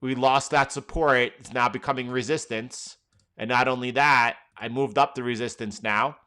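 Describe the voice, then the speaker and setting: A man with a New York accent hosts a live market stream and talks through charts on the fly. His voice is bright and clear, and he tumbles from one thought to the next, repeating words and restarting sentences. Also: medium pitch, steady tone. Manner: fast, repetitive, with many restarts. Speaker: trading livestream host.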